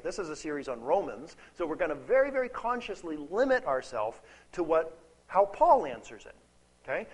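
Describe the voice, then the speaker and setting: A man with a fairly high voice gives an expository Bible teaching in a conversational way, repeating key words for emphasis. He checks in with listeners using "okay?" and "right?", and the recording quality is low.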